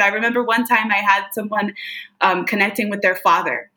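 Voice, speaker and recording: A woman's voice: mid-range voice, steady tone, a little fast, sharp tone. A woman guest, a psychic medium, talking earnestly in a casual interview, with many fillers and laughs.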